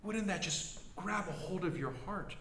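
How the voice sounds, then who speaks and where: A man preaching a sermon as a pastor, in a dramatic style that swings from hushed lines to shouted ones. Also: sits high, animated, moderate pace, echoey room.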